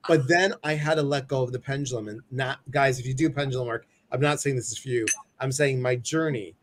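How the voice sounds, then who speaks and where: A man hosting a casual chat, telling stories in an animated way and acting out the people in them. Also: mid-range voice, brisk, few pauses. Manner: animated storytelling, acts out voices. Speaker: host.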